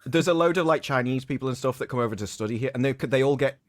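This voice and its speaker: A man with a British accent tells chatty, amused stories in a casual conversation. His voice has a middle pitch and is recorded dry and close. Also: fast talker, no room sound. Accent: British English. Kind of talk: casual chat.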